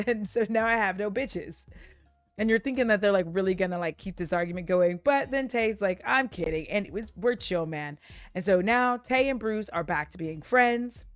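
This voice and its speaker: A woman's voice: medium pitch, moderate pace, no echo, faint music behind. A young woman streamer recapping a show in a giggly, chatty way, laughing often. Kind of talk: casual recap chat.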